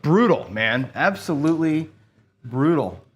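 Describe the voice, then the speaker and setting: A man with a slightly high, lively voice hosts a gambling channel, speaking at a measured pace. His casual play-by-play rambles and turns profane, as though he's talking to himself while he plays.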